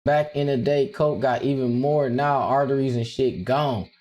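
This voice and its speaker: A man streaming casually, rambling excitedly with lots of slang and frequent laughter as he reacts to his chat. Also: medium pitch, moderate pace. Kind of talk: casual livestream rant.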